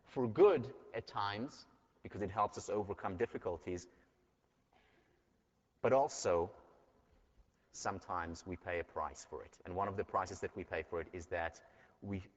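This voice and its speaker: A man's voice: low voice, measured pace, pauses often. A man giving a university lecture and telling stories in an earnest way, heard in a dull recording from a large lecture hall. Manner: earnest, storytelling.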